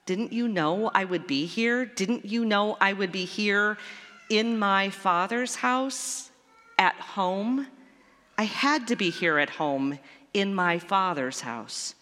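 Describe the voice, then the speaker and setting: A woman voicing a calm, self-assured twelve-year-old boy who speaks in a matter-of-fact way. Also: medium pitch, slow. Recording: long church reverb.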